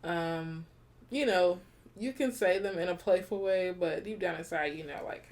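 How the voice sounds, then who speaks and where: A woman's voice: on the low side, normal speed. A woman co-hosting a relationship podcast, talking things through in a reflective, casual way, laughing often and rephrasing her points. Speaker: podcast co-host.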